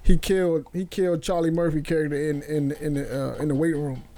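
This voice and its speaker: A man's voice: fairly high pitch, level tone, brisk, warm tone. A man co-hosting a podcast, telling a story in blunt, slangy casual chat. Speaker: podcast co-host.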